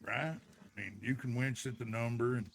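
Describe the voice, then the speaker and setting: Calm, gravelly old ranch hand, played by a man, steady Western drawl. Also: medium pitch, slight background noise. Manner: slow folksy drawl, steady and reasoning. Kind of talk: Western role-play.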